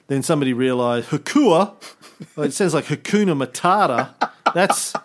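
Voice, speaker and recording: A man's voice: mid-range voice, expressive, brisk. A man co-hosting a history podcast, explaining events in a casual, rambling way with many fillers and self-corrections. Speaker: podcast co-host.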